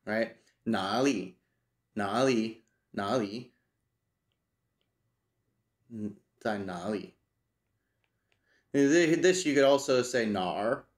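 A man talking casually through a study session, slowly repeating phrases aloud and thinking as he goes. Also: on the low side. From United States. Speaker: language learner teaching himself.

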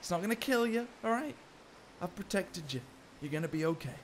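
Excitable gamer, high voice. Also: male voice, a little fast, a little hiss or hum. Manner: excitable, jokey, talks to the game characters. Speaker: gaming YouTuber. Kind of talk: let's play commentary.

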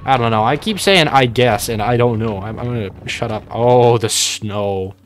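At a moderate pace and medium pitch, a young man offers relaxed commentary on his own gameplay in a let's-play. He rambles, jokes and has sudden panicky outbursts, over slight background noise.

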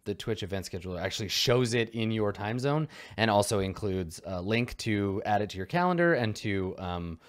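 A man's voice: on the low side, animated, normal speed, few pauses. A man who hosts and runs tabletop games, chatting loosely and casually and swearing now and then. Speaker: game master and stream host. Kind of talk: casual stream chat.

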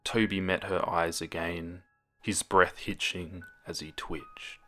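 A man reads a creepy fan story in a deep, low voice. His delivery is steady and dramatic, sometimes sinking to a near whisper, with clear music underneath. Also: takes it slowly. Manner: steady, dramatic reading with hushed moments. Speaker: narrator. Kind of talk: horror story narration.

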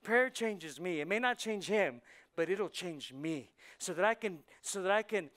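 A male pastor preaching a sermon in a church service, swinging between hushed and loud. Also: high-pitched, expressive, a little slow.

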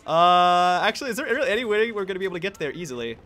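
Over footage of his own game, a young man races through loose, jokey commentary. He's excitable and laughs a lot, now and then letting out a high squeal of surprise.

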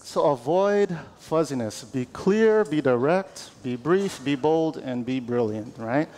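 A man preaching a sermon as pastor, animated and conversational, calling on the congregation to answer back. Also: a little high, takes it slowly, long reverb tail. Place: church sanctuary.

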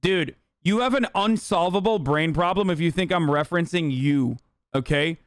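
A man's voice: on the high side, moderate pace, no room sound. A man streaming live, ranting at a chat comment in a heated, profane, exasperated way. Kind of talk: livestream rant reacting to chat.

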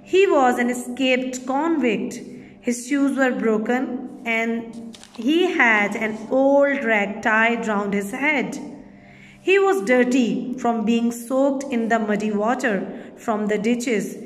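Brief: a teacher with a Pakistani English accent, fairly high voice, very slow and deliberate reading, echoey reverb. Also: female voice. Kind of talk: recorded reading lesson for children.

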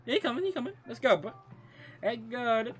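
Young male streamer with a high, bouncy voice and a bright edge; excitable trash talk over gameplay. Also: a little fast, breathy edge, faint music behind. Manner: excitable trash talk, constant "bro" and "dude". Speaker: gaming streamer. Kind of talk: live gameplay commentary.

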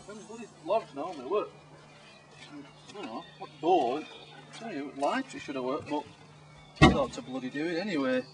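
Comedy survival expert, man acting blustering, unhurried, lively swoops, faint noise behind. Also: on the high side. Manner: swearing, flustered, mock-instructive. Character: blustering hapless male jungle survival expert. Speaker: survival specialist in a comedy sketch. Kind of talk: mock survival-show presentation.

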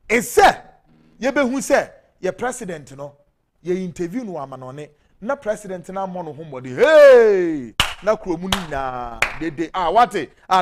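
Fiery Ghanaian man ranting about politics. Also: high-pitched. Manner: fiery, ranting, switching between Twi and English. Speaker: talk show host. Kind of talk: impassioned political commentary.

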